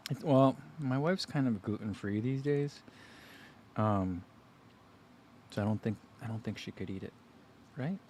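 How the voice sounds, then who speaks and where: A man's voice: on the low side, a little slow, long pauses, a little hiss or hum. A man in his thirties hosting a running livestream, chatting casually and sometimes talking with his mouth full. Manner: relaxed, chatty, talks while chewing. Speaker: running channel host. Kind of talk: casual livestream food tasting.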